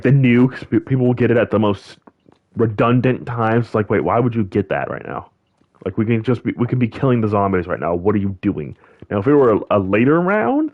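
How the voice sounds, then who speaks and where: A young man with a lowish voice hosts a gaming channel, chatting casually over gameplay in a rambling, animated way. He uses plenty of fillers and restarts, and the audio sounds phone-quality.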